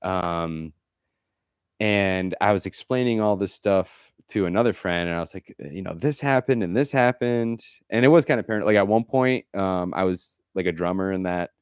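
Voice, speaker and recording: A man's voice: low voice, normal speed, smooth, no room sound, studio quality. A man co-hosting a podcast, chatting casually, rambling through stories with many fillers and restarts. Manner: mimics people in quoted asides. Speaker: podcast co-host. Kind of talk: casual chat.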